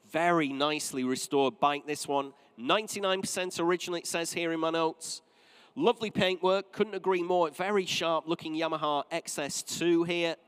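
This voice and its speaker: An English man calling a live auction, rattling off bids and repeating each figure. His voice sits a little high and comes across clean and smooth. A long reverb from the big hall trails behind every call. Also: fairly bright tone.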